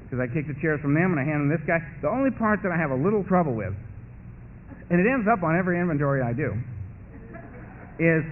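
A middle-aged man telling his personal story to a live audience at a recovery meeting, animated and wry, acting out the voices of others. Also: a little high. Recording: phone-like muffled recording with faint hum.

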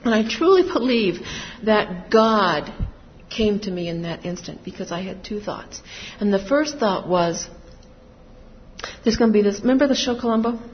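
Telling her recovery story to a group, a middle-aged woman gives candid, confessional testimony while her emotions swing, her medium-pitched voice lively in intonation at a normal speed. She sounds distant and dull in a reverberant hall with faint noise.

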